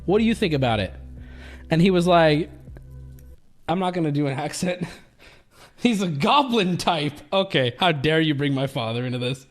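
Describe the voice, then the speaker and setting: A man's voice: on the high side, lively intonation, normal speed, pauses often, faint music behind. A man streaming, chatting casually in a rambling, profane way and laughing often.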